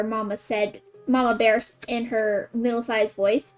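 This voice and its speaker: Giggly high-voiced woman streamer. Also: little pitch movement, unhurried, soft background music. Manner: giggly, amused asides. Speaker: game streamer. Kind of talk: casual chat and reading a story aloud.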